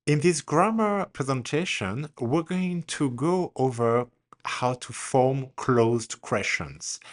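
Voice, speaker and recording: A man teaching a recorded grammar lesson, speaking deliberately and modeling example questions with a strong rising intonation for learners to repeat. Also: medium pitch. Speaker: language teacher.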